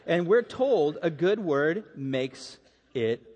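A man's voice: fairly high pitch, expressive, slow, a little mellow, in a large hall, muffled recording. A middle-aged man preaching a sermon as a pastor, telling stories animatedly and acting out the quotes.

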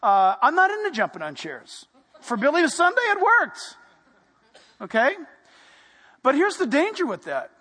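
A man preaching a sermon, animated and playful, dropping to a hush for emphasis. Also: very high-pitched, measured pace, pauses often, in a large hall. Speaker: pastor.

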